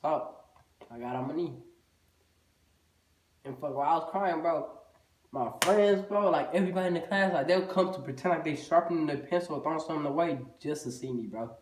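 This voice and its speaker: A man's voice: a little high, brisk, pauses often. A man telling a casual storytime, loose and profane, with "bro" in almost every sentence. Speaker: vlogger. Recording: echoey room, voice far from the mic.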